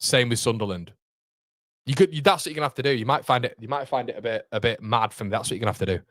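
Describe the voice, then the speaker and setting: A man hosting a live watchalong, shouting at the match and chatting with his viewers in British slang. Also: medium pitch, rapid-fire, dry recording, studio quality. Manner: uses British slang like lads, mate, muppets. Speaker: live-stream watchalong host. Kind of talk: excitable live football reaction chat.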